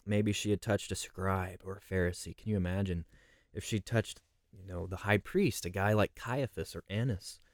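A man's voice: sits low, fairly even intonation, moderate pace, no echo, clean studio sound. A man leading a conversational Bible study, reflective and posing rhetorical questions.

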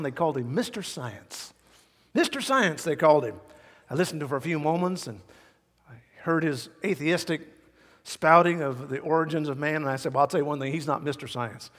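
An older male pastor preaching a sermon in an animated, exclamatory way with folksy asides. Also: fairly high pitch, a little fast. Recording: echoey hall reverb.

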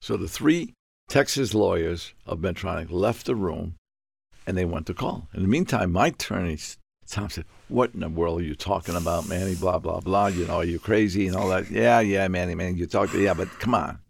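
An older man from Puerto Rico spins a long story in an interview. His voice sits low, gravelly and a little husky. He acts out every exchange, and his pitch jumps high when he gets worked up. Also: normal speed, dry recording, clean studio sound. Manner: animated, acts out dialogue with sudden high-pitched outbursts. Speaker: guest.

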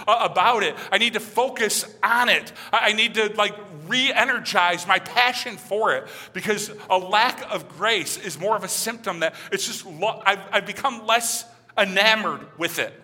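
A middle-aged pastor delivers a sermon, speaking conversationally and with animation while acting out the voices of those he quotes. His voice is on the high side, and the recording has a long hall reverb.

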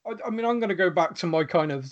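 A man's voice: high-pitched, lively intonation, rapid-fire, dull audio. A man hosting a casual podcast, reading out listener questions and answering in a chatty way with stammering restarts and frequent laughs. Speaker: podcast host.

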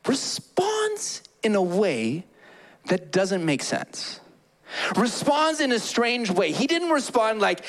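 Man, 30s, pastor, sermon, animated storytelling, very expressive pitch. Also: slow pace, slightly rough. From Canada. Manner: animated storytelling, acts out quoted people.

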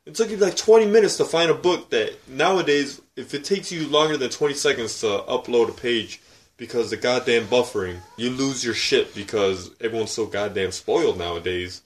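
A man co-hosting a casual podcast, ranting about everyday annoyances. He swears constantly and tells stories with lively energy. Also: medium pitch, a little fast. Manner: profane, animated ranting. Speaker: podcast co-host.

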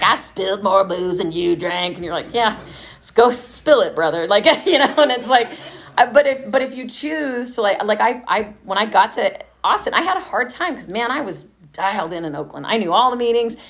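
A woman from Texas telling her recovery story in a casual, chatty way, swearing freely and laughing often. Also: mid-range voice.

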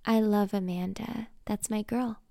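An easygoing teenage jock who sweet-talks in a relaxed way, read by a woman in her own gravelly voice. The sound is dry and close. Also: mid-range voice, measured pace, dry recording. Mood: laid-back. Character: high school jock boy, easygoing and smooth.

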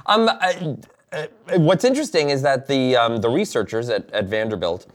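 A man hosting a podcast, introducing a news item. He reads in a plain, mid-pitched voice and stumbles, filling gaps with ums and uhs. The delivery stays conversational. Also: lively intonation. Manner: halting, with many fillers while reading. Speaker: podcast co-host. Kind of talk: casual chat, reading news items.

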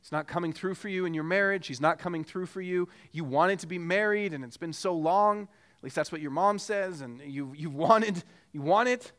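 Earnest pastor preaching, slightly high voice. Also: male voice, moderate pace, fairly bright tone. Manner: earnest, with repeated rhetorical questions. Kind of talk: sermon.

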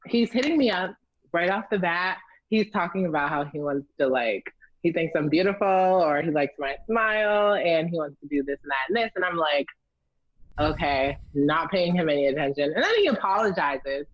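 A young woman telling a candid, profane story in a casual chat, lively and blunt. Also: low-pitched, normal speed, dry recording, dull audio. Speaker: storyteller guest.

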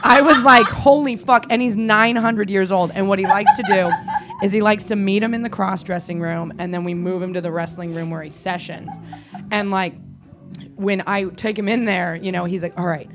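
A woman's voice: medium pitch, moderate pace, over loud music. A woman who is a guest on a podcast, casually telling stories and laughing often. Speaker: dungeon worker guest.

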